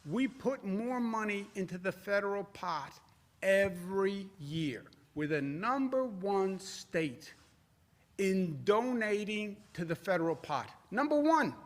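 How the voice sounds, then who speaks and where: Emphatic New man at a podium. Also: high-pitched. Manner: emphatic, repeats phrases, mocks quotes sarcastically. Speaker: politician at a press briefing. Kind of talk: press conference speech.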